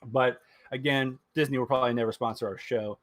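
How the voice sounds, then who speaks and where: Male podcast host, casual and animated, average pitch, loves mocking put-on voices. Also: fairly quick, dry recording. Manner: animated, swears freely and jumps into high mocking voices for bits. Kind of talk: casual chat.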